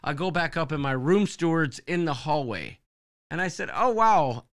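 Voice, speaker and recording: A man with a fairly high-pitched voice speaks at a moderate pace as co-host of a live show. In casual live-stream storytelling, he rambles through a tale and animatedly acts out what people said.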